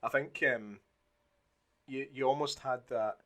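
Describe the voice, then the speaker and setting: A man co-hosting a casual film podcast, animated and blunt, swearing casually and acting out scenes as he talks. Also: medium pitch, unhurried. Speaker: podcast co-host.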